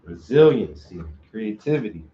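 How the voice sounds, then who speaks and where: A man's voice: fairly low pitch, big pitch swings, moderate pace. A man painting on a long live stream, chatting casually in a loose, slangy, joking way. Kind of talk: casual chat while painting. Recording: roomy, dull lo-fi sound.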